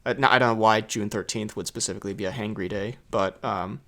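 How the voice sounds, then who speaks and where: A man's voice: fairly low pitch, steady tone, quick pace, creaky, a bit bright. A young man hosting a podcast, chatting casually and rambling with lots of fillers, on a mic that sounds a bit off. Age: young adult. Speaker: podcast host. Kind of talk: casual chat. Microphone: makeshift mic setup that sounds a bit off.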